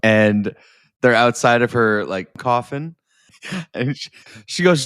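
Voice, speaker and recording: A man's voice: medium pitch, lively intonation, measured pace, a bit bright, dry recording, studio quality. A man co-hosting a podcast, retelling favorite movie scenes in a rambling, swearing way, losing his place and laughing along. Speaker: podcast co-host. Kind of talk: casual film review chat.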